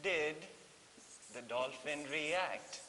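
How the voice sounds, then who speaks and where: Animated Indian English teacher, echoey room. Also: male voice, fairly high pitch, extremely slow. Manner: animated, mixes in Hindi, many fillers and repeats. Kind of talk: classroom lesson explaining a story. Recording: echoey room with faint hiss.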